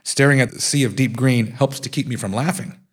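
Husky-voiced man reading his memoir aloud. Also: mid-range voice, brisk. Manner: acts out quoted speech with lively voices. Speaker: author reading from his book. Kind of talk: live reading of a nonfiction memoir.

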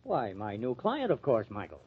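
Glib smooth-talking press agent. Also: male voice, medium pitch, huge pitch swings, normal speed, full character voice. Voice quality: glib, coaxing. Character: breezy, fast-talking male press agent, young adult. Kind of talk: 1940s radio acting. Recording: muffled old radio recording.

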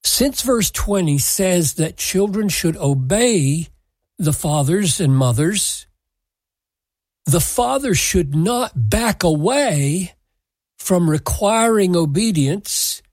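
Husky, unhurried Bible teacher; deliberate, emphatic delivery that quotes scripture verbatim. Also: mid-range voice, animated, a little mellow, no echo. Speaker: Bible teacher answering a listener question.

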